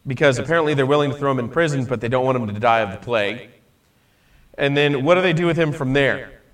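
A man's voice: medium pitch, fast. Man teaching a Bible class, slightly distant. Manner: conversational, asks questions, frequent "right?".

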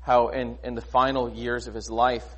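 A man preaching a sermon in a conversational, animated way, often asking rhetorical questions. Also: mid-range voice, normal speed, husky. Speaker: pastor.

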